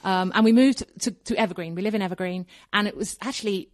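Woman, podcast guest, chatty and quick to laugh; dry, close mic. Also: medium pitch, no echo. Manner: chatty, laughs often, many fillers. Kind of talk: casual podcast interview.

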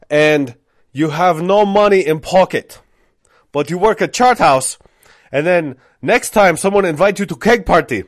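Brief: earnest accented restaurant manager, put on by a man, persuasive, raised and forceful, dry sound. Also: high-pitched, dry recording, voice pushed up. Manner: lecturing, persuasive, halting grammar. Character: earnest male restaurant manager, heavy accent, broken English.

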